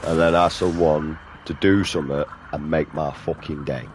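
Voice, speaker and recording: A man's voice: very deep voice, fairly even intonation, moderate pace, slight background noise. A man rambling and swearing casually while playing a video game. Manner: rambling, profane, drawling. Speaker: gaming streamer.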